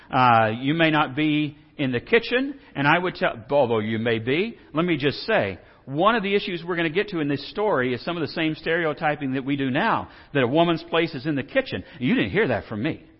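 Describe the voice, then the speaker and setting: A man from Texas, teaching a Bible lesson in a folksy, joking way and asking the audience questions. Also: fairly high pitch. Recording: dull reverberant hall sound.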